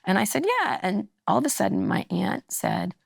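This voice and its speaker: A woman's voice: medium pitch, lively intonation, normal speed, gravelly, husky, no echo, studio quality. A woman in her sixties telling a story in casual conversation as a podcast guest, blunt and a little profane, acting out the voices of the people she quotes. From United States. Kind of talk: casual chat.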